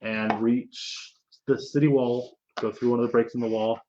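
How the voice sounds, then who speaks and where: A man's voice: medium pitch, level tone, normal speed, highs cut off, background noise. A man running a tabletop game as game master, narrating loosely with swearing and restarts.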